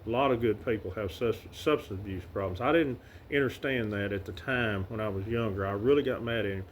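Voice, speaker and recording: A middle-aged man with a Southern Arkansas accent, telling personal stories to the camera about his late father in a halting, heartfelt way with many fillers and restarts. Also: lowish voice, a little hiss or hum. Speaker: son paying tribute to his late father. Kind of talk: casual heartfelt storytelling to camera.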